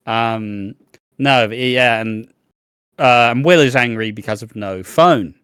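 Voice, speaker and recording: A man's voice: medium pitch, slow, a bit bright, smooth, dry recording, clean studio sound. A man co-hosting a podcast, brash and jokey, swearing freely in casual chat. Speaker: podcast co-host. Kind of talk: casual chat recapping a soap.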